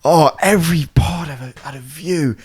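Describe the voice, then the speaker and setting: A young man, co-hosting a casual podcast and telling animated stories with plenty of swearing and laughter. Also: on the high side, normal speed, slightly rough. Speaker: podcast co-host. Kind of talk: casual chat.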